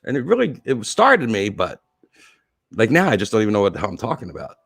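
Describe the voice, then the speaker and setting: A man's voice: lowish voice, wildly swooping pitch, quick pace, gravelly, fairly bright tone, breathy edge, dry recording. A man signs off his casual livestream show from home, his voice swinging up and down as he rambles through thanks and plans. He sounds choked up and teary, and his talk is full of fillers and restarts. The sound is close and dry, with no room around it. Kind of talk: casual livestream sign-off chat.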